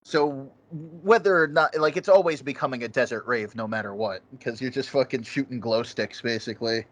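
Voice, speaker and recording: A man's voice: medium pitch, moderate pace. A man co-hosting a podcast, chatting loosely about a film and swearing freely as he rambles. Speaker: podcast co-host. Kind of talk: casual film review chat.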